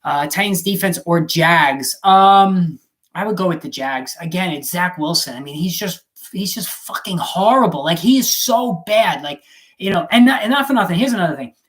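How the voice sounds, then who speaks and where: A man's voice: high voice, animated, moderate pace, fairly bright tone. Blunt casual fantasy football host man. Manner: blunt, swears, reads chat questions aloud. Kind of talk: casual live-stream chat.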